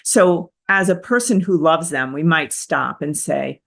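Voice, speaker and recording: A woman therapist hosting a motivational self-help talk, energetic and emphatic, with repetitive phrasing. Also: deep voice, unhurried, gravelly, hardly any pauses. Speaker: therapist and host.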